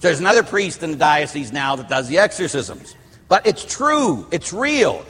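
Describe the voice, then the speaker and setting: A middle-aged Catholic priest from Pittsburgh giving a sermon, rambling through personal stories with restarts and asides. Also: male voice, fairly high pitch, very animated, moderate pace, a bit bright, slightly rough. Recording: hall reverb.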